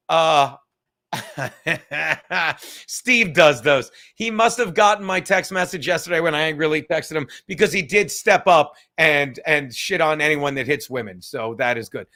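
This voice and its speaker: A man's voice: high-pitched, bright, forceful tone. A tired man hosting a casual live stream from home, rambling and swearing, with joking asides to the chat. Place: home room.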